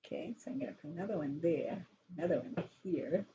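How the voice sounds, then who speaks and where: A woman teaching a dot painting class who talks in a relaxed, rambling, reflective way with many fillers. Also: low voice, brisk. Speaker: art instructor. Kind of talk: relaxed painting tutorial talk. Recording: dull lo-fi sound with faint noise.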